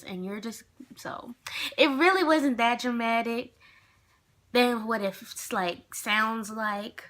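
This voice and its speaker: Young woman, vlogger, slow unhurried delivery, chatty rambling storytime. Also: medium pitch, pushed and bright. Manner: chatty, rambling, lots of fillers. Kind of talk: casual storytime vlog.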